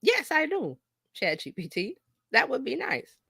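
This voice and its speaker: A woman marketing coach talking casually on a podcast, animated and chatty, laughing often. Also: high voice, unhurried, gravelly, slightly rough, dry recording.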